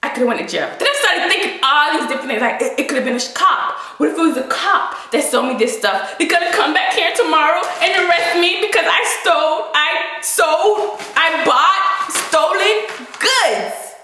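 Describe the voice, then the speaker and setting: A woman telling a personal story in a storytime vlog, expressive and laughing through her lines as she acts out her own panic. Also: very high-pitched, normal speed. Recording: echoey room.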